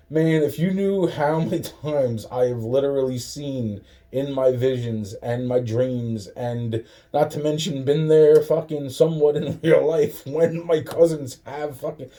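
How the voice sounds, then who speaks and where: A man's voice: medium pitch, dark tone. A young man rambling to camera in a profane, laughing monologue full of restarts. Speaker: vlogger.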